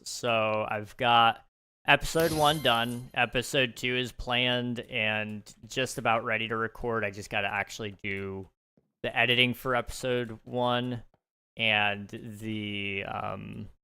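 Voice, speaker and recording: Bright, chatty young gaming streamer man. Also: mid-range voice, clean tone. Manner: chatty, relaxed, thinks aloud with fillers and small laughs. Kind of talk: casual live-stream chat while gaming.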